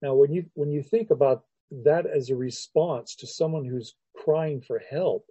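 A man preaching a sermon as a pastor, teaching verse by verse in an unhurried, reflective way with restarts and soft laughs. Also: on the high side, slightly rough, no echo, highs cut off.

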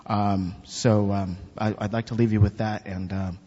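A man giving a spoken testimony at church, animated and acting out the voices in his story. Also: fairly low pitch, unhurried. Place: church hall. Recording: dull lo-fi recording with long hall reverb.

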